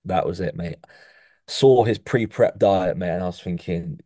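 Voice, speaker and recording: A man's voice: low voice, a little slow, dry recording, studio quality. A young man co-hosting a casual podcast who rates physiques and tacks "mate" onto almost every sentence. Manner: says "mate" constantly, animated coaching tone. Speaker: podcast co-host rating physiques. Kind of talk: casual chat. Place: podcast studio.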